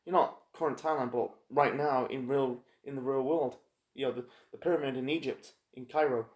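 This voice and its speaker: A man casually reviewing a TV episode, rambling and halting with lots of fillers and restarts. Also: medium pitch, steady tone. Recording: echoey room.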